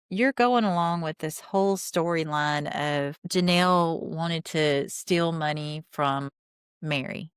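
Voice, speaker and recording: A woman's voice: low-pitched, smooth, dry recording, clean studio sound. A woman hosting a podcast, casually recapping a reality show in an opinionated way, retelling scenes through quoted lines and throwing in sarcastic asides.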